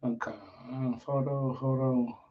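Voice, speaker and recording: A man hosting a casual livestream chat, slangy and profane, swinging from mumbles to shouts. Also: mid-range voice, fairly even intonation, slow pace, distant mic, narrow, tinny audio, slight background noise. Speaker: livestream host.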